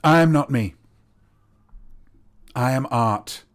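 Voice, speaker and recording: A man's voice: medium pitch, slow. An English man with a refined RP accent, hosting a live-streamed character comedy show in a grandiose, theatrical manner. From England. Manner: grandiose, theatrical, playfully pompous. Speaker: streamer host.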